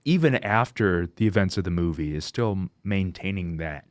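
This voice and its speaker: A young man as a guest in a casual movie chat, animated and given to exclamations. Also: sits low, normal speed, dry recording.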